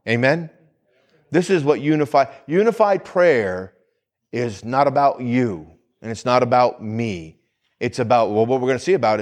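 A man, a pastor, giving a conversational sermon that repeats phrases and asks the congregation questions. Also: medium pitch.

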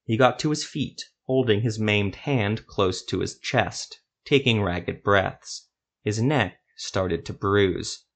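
A man with a fairly low voice reads a dark fantasy story aloud. His scripted narration is steady and measured, even through the violent passages. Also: creaky.

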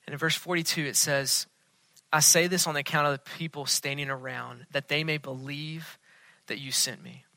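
A male pastor delivers a sermon in an earnest voice, sinking to a near hush to press home a point. His voice sits a touch high and sounds bright and sharp. The sound is dry and close. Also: steady tone, normal speed, vocal fry, no echo. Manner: earnest, dropping to a hush for emphasis.

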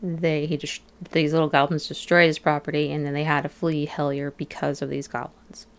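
Low gravelly-voiced woman chatting. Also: little pitch movement, a little fast. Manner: chatty, many fillers, acts out quotes of locals. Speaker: podcast co-host. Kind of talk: casual podcast recap.

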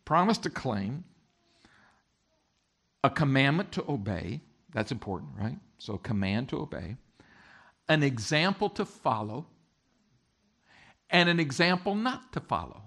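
Man preaching a lively sermon. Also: medium pitch, unhurried, creaky, long pauses. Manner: lively, jokes with the congregation. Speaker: pastor.

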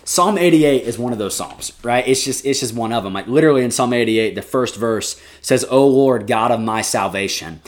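A man, a youth pastor, giving a casual, energetic devotional talk to high school students with lots of fillers. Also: a little fast, hardly any pauses.

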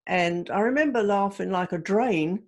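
A woman's voice: medium pitch, moderate pace. An older woman from Ireland with an English accent, a podcast guest telling stories in casual chat. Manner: chatty storyteller, British expressions.

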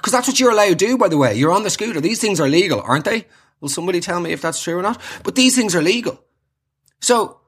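A man's voice: sits high, fairly bright tone, husky. An Irish man delivering a sarcastic, exasperated comedic rant, slipping into mocking voices.

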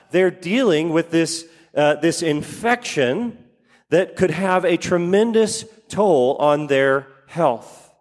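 A man's voice: on the high side, long reverb tail. A man preaching a sermon, repeating key phrases for emphasis and putting questions to his congregation. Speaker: pastor.

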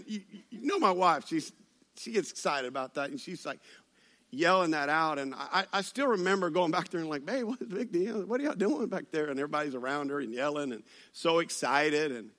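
A pastor with a high, bright voice preaches with animated storytelling. He mixes personal anecdotes and playful asides into his message. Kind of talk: sermon.

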